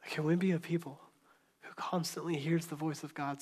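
A man pastor preaching a sermon in a church, telling the story conversationally, acting out voices and dropping to a hushed tone. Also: on the high side, steady tone, normal speed, slightly rough.

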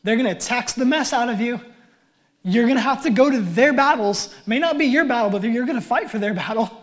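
A male pastor delivering a sermon in a conversational way. He drops in dry, wry asides. His voice climbs and grows loud in places, then sinks almost to a whisper. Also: very high voice, expressive, a little fast.

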